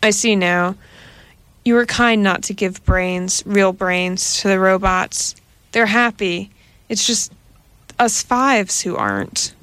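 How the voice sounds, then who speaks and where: A woman voicing a tall male android who speaks in a flat, subdued way. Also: medium pitch, slow pace, smooth, no room sound. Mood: sad.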